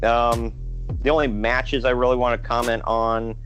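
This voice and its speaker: A man's voice: mid-range voice, flat delivery, normal speed, a bit bright, lo-fi sound, soft background music. A man co-hosting a casual wrestling podcast, ranting and joking and quoting people in mocking voices. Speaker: podcast co-host.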